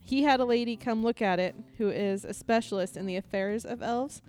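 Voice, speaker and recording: A woman's voice: a little high, a little fast, a little mellow, soft background music. Chatty woman reading quirky news. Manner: chatty, laughing, reads from printed notes with fillers. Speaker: news segment presenter on a casual show. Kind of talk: casual comedic news reading.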